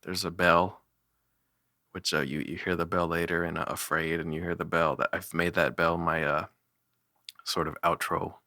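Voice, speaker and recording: A man's voice: low voice, fairly even intonation, moderate pace, sharp tone, no echo, clean studio sound. A young man casually talking through his own songs, rambling with many fillers and self-deprecating laughs. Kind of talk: casual solo commentary.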